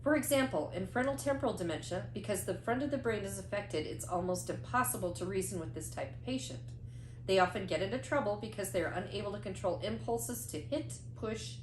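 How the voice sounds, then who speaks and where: A woman health educator narrating a scripted explanation, speaking in a measured way and listing items one at a time. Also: medium pitch. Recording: echoey room with faint background hum.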